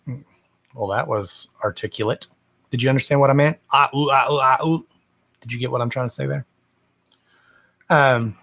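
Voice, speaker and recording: Broadcasting from home, a man runs a live stream as a psychic medium and chats in a sassy, gossipy manner, swearing freely and calling viewers "darling." His voice sits at medium pitch with a fairly bright tone.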